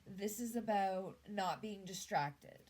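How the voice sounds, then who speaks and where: A woman's voice: medium pitch, takes it slowly, a little mellow, rough recording. A Canadian woman giving a casual tarot reading, musing aloud, trailing off and restarting her thoughts. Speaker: tarot reader.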